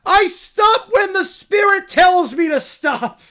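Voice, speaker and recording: Little bear, shrill, zealous, loud, swooping pitch. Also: male voice, expressive, slow pace, exaggerated voice. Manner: shrill, wildly enthusiastic proclamations. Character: excitable little male bear, pizza-church zealot.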